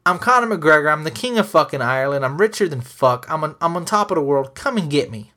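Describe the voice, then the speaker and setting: A man's voice: on the high side, expressive, fast talker, bright, forceful tone. A man putting on the voice of a brash, swaggering male fighter who taunts and boasts. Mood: taunting swagger.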